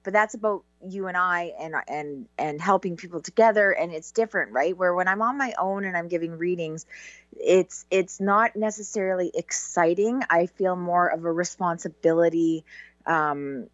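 A woman from Canada co-hosting a radio show, chatting casually and giggling often between halting restarts. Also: lowish voice, no room sound, muffled recording. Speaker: co-host and psychic reader.

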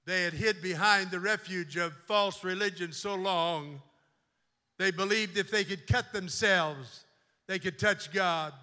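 A man preaching a sermon as a bishop, moving from quiet storytelling to loud, fervent exhortation in a church sanctuary. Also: sits high, a little slow. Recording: long church reverb.

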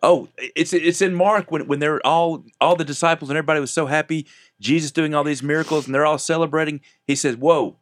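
A man's voice: a little high, fairly even intonation, quick pace. A man co-hosting a radio show, speaking earnestly and emphatically with a preaching tone and repeating words as he starts his phrases. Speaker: radio co-host.

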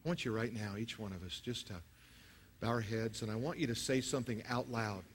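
A male pastor preaching a sermon to his church. He swings between loud, emphatic passages and low, hushed prayer, and leads the congregation in saying prayers aloud. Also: steady tone, brisk, breathy edge.

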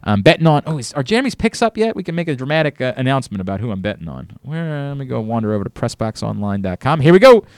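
A brash male sports radio host ribs his co-host in loose studio banter. His pitch rises and falls all over the place as he talks. The sound is close and dry. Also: very animated, rapid-fire, hardly any pauses, darkish tone, clean tone, no echo. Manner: brash, teasing, swings from mock outrage to laughter. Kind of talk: casual sports radio chat. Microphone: studio microphone.

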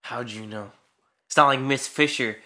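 A man's voice: medium pitch, normal speed, pushed and bright. A young man in his late teens chatting casually as a co-host, teasing and sarcastic in his banter. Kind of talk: casual chat.

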